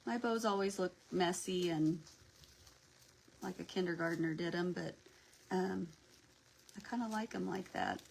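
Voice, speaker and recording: A woman's voice: lowish voice, unhurried, vocal fry, long pauses, a little hiss or hum, poor audio. A woman hosting a casual craft livestream, chatting and greeting viewers by name as she works, sometimes dropping to a near whisper.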